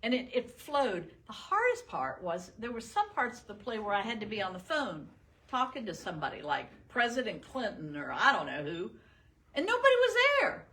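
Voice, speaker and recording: A woman's voice: medium pitch, wildly swooping pitch, normal speed, fairly bright tone, rough recording. An older woman from the northern United States, giving a chatty, self-deprecating talk and answering audience questions with frequent laughs. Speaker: retired state supreme court justice, guest speaker.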